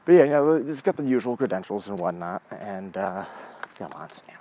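A man's voice: fairly low pitch, animated, moderate pace, dark tone, slight background noise. A man in his forties hosting his own show, talking in a rambling, profane casual monologue while walking a dog. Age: 40s. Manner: rambling, profane, wanders off track. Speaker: show host.

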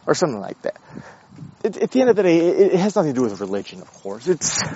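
An American man rants casually about current affairs, blunt, profane, lively and full of opinions. His medium-pitched voice has a lo-fi quality with a little hiss or hum.

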